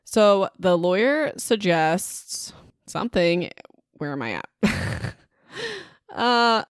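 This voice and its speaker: A woman's voice: mid-range voice, expressive, slow, smooth, no room sound, clean studio sound. A woman hosting her own podcast in a chatty, rambling, self-deprecating way, talking into a home microphone. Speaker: podcast host. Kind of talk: casual solo podcast chat.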